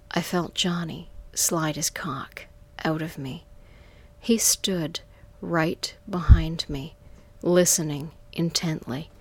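A woman narrating a first-person erotic story in a soft, half-whispered, drawn-out delivery, close to the mic. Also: sits low, steady tone, slightly rough, no room sound.

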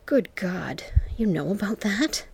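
A woman's voice: mid-range voice, lively intonation, takes it slowly, creaky, darkish tone, a little hiss or hum. A woman voicing a surprised, nervous young man in a whispered role-play, speaking hesitantly. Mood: startled. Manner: hesitant and startled.

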